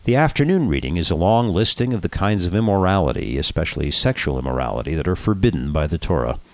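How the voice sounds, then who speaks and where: A man who is a rabbi, hosting a radio talk show and telling jokes in an animated storytelling manner. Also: sits low, fast talker, no room sound.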